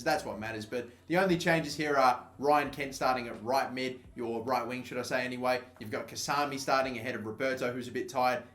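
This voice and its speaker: Echoey, foul-mouthed young male gamer. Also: mid-range voice. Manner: swears constantly, swings between exasperated and excitable yelling. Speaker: gaming channel host. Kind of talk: live football game commentary. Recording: echoey room with faint background noise.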